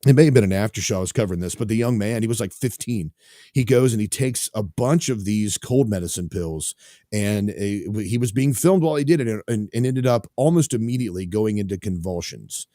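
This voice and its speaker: A man's voice: lowish voice, brisk, warm tone, dry recording, studio quality. A man hosting a talk radio show, chatting casually and rambling with lots of fillers.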